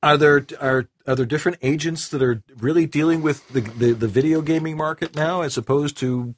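A man's voice: a little high, a little fast. A man interviewing a guest in casual chat, agreeable and encouraging.

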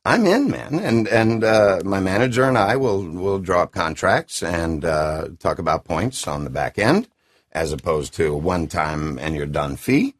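A middle-aged man with a deep classic announcer voice, a video game voice actor chatting enthusiastically and rambling in an interview. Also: animated, measured pace. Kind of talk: casual interview chat.

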